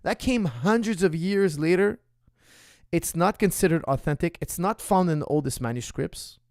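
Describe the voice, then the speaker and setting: A man's voice: a little high, expressive, normal speed, dry recording. Emphatic man on a dry mic. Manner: emphatic, repeats phrases for stress, swings loud and soft. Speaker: martial arts coach hosting a Q&A. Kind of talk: casual opinion monologue.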